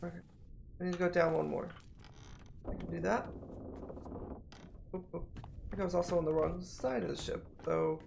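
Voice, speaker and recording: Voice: mid-range voice, steady tone, moderate pace, vocal fry, long pauses, background noise. A streamer thinking aloud while playing a mystery game, musing and often repeating themselves while puzzling things out. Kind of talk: casual think-aloud gameplay commentary.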